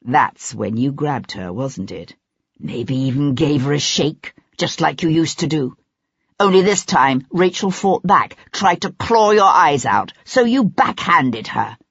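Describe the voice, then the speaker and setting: An audiobook reader voicing a sharp-tongued nobleman investigator who probes with cold, relentless accusations, in a dry, slightly dull recording. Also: on the high side, expressive, unhurried, vocal fry, husky, no echo, heavily acted. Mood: accusing.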